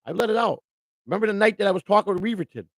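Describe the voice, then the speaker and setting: A man's voice: high voice, racing, dry recording. A man hosting a live stream in casual chat, overjoyed and near tears, talking emotionally with lots of stammering and repeated words.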